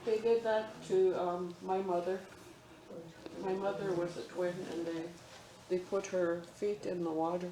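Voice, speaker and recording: A woman's voice: fairly low pitch, steady tone, unhurried, warm tone. A woman in the audience making brief, plain comments during a presentation. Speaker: audience member. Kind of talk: casual remarks from the audience. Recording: roomy, from far off the mic.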